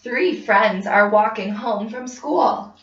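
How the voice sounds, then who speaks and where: A woman clinician speaking slowly and distinctly, giving prompts for a child to repeat and then narrating. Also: mid-range voice, fairly bright tone. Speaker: speech clinician giving a test. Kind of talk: slow, clear test prompts and narration. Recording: muffled, distant lo-fi recording.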